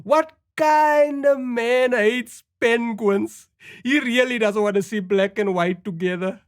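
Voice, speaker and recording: A woman fronts a satirical news sketch as a mock anchor. Her voice sits a little high, and she lands the jokes with straight-faced newsreader timing. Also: dry recording, clean studio sound. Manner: mock-newscaster delivery with punchline pauses.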